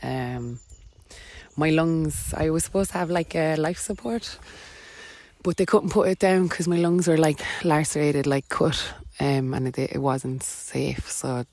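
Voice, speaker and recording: A woman's voice: sits low, measured pace, darkish tone, no echo. Irish woman rambling through a personal story. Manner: rambling, filler-heavy, laughs between lines. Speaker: podcast guest, wellness coach.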